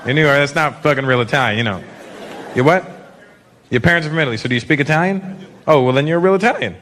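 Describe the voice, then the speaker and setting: Animated high-pitched male stand-up comic. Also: fast. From Canada. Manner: animated, swings into loud shouted bits for acted-out characters. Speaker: stand-up comedian. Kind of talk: stand-up comedy set. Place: comedy club stage with live audience. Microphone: handheld stage mic. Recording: live club recording with crowd noise.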